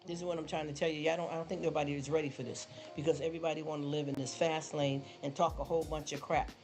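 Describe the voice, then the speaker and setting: A man's voice: a little high, little pitch movement, quick pace. A man hosting a livestream, lecturing his viewers in a casual, preachy rant full of repeated rhetorical questions. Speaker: livestream host. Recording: livestream with music behind. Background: background music.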